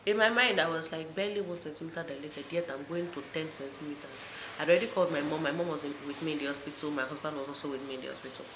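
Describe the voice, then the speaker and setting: A young woman, telling a personal story to her viewers in a casual, animated way. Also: rapid-fire. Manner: animated retelling, voices rising high for quoted moments. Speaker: vlogger. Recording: echoey room with faint noise.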